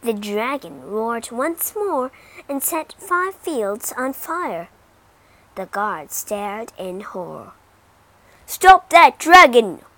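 A woman narrating a children's storybook for English learners in a dramatic, expressive way. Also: fairly high pitch, takes it slowly.

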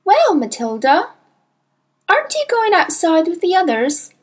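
A woman reading a storybook aloud, voicing a gentle, kindly young teacher who speaks calmly and patiently. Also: very high-pitched, measured pace, pitched above the performer's own voice, full character voice.

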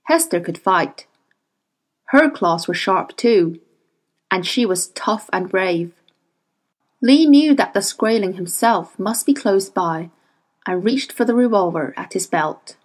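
A woman reading a novel aloud as audiobook narrator, measured and expressive. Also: mid-range voice, low-quality recording. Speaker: audiobook reader. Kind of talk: scripted narration.

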